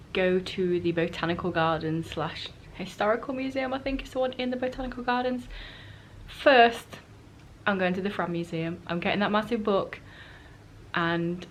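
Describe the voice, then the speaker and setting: A woman's voice: mid-range voice, slight background noise, poor audio. Chatty self-mocking woman vlogger. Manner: chatty and self-mocking, acting out what people said. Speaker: travel vlogger. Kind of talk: casual storytelling to camera. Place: holiday rental flat.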